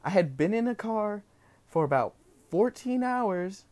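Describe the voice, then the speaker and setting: Profane, animated young man from New Jersey. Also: high-pitched, unhurried. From New Jersey, USA. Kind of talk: casual storytelling rant.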